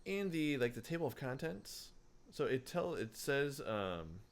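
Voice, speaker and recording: A man's voice: medium pitch, sing-song, a little slow, gravelly. A man co-hosting a casual book podcast, rambling with many fillers and restarts. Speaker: podcast co-host. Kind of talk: casual book-club chat.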